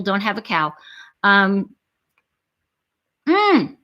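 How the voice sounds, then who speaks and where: A middle-aged woman hosting a casual live stream, chatting straight to her viewers in an animated, talkative way. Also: mid-range voice, slow. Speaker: livestream host.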